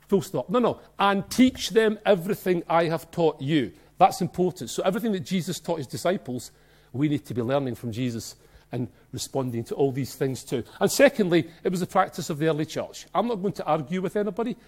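A man with a Glasgow Scottish accent preaching a sermon in a church, emphatic and excitable, swinging between soft and loud. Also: a little high, quick pace. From Scotland. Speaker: pastor.

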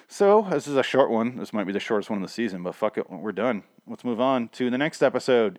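A man hosting a casual solo podcast, rambling excitedly with stammering restarts and swearing freely as his voice starts to go hoarse. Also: medium pitch, brisk, few pauses, no echo, clean studio sound. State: voice going hoarse. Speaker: podcast host.

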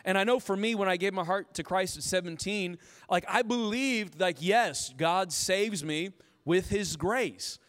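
High-voiced animated male pastor. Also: unhurried. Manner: animated, storytelling with self-quotes. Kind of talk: sermon. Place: church auditorium. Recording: long reverb of a large hall.

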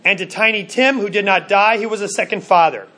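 A man preaching a sermon in an earnest way, slowing down for emphasis and often restarting his words. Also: high voice, bright, forceful tone. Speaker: pastor.

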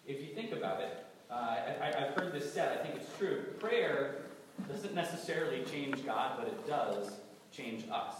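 Brief: New England-accented male preacher with a cold, chatty and wry, mid-pitched voice heard from far off in a reverberant hall with steady noise. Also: normal speed. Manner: conversational, gently humorous, stumbles and repeats words. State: has a cold. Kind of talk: sermon. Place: large church hall.

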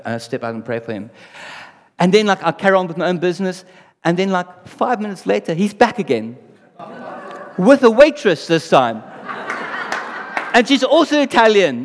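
A man's voice: sits high, lively intonation, moderate pace. A man preaching a sermon in a conversational way, often asking the audience rhetorical questions. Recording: long reverb in a hall.

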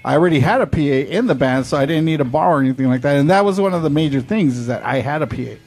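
A man's voice: fairly high pitch, lively intonation, very fast, darkish tone, husky, faint music behind. A middle-aged man and show promoter telling a rambling, profane story in casual chat.

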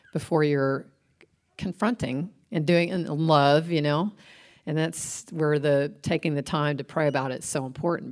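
Low-voiced woman co-host, laughing. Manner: laughs often, animated storytelling. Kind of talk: casual faith chat.

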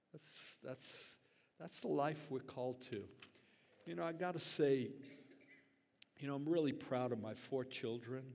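A man's voice: medium pitch, a little mellow. An older man, a grandfather and pastor, telling a story in a conversational, earnest sermon full of fillers. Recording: long hall reverb.

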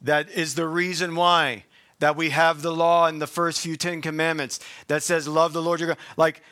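A man preaching a sermon, emphatic, slowing to stress key phrases, with casual asides and self-corrections. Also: on the high side, steady tone, bright, forceful tone. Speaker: pastor.

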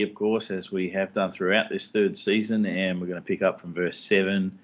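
A man with a very low voice co-hosts a relaxed podcast about scripture. He jokes, chuckles, and drifts into loose, rambling asides. His audio sounds dull and muffled, like a lo-fi recording. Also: normal speed, few pauses. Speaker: podcast co-host. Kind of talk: casual chat about scripture.

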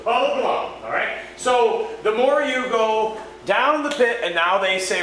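A man's voice: high-pitched, animated, a little slow, hardly any pauses, a bit bright. A man preaching a conversational sermon, often checking in with his listeners. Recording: echoey room with background noise.

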